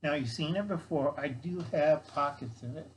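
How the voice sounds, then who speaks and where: A man's voice: on the high side, moderate pace, slight background noise, poor audio. An older man vlogging, showing his gear in a folksy way and calling viewers kids. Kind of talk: casual show-and-tell vlog.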